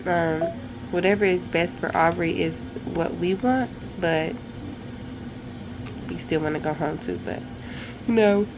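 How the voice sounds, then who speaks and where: Low-voiced woman chatting to her camera. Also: noisy background. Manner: chatty, talks straight to viewers. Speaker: vlogger and mother. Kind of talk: casual vlog update to camera.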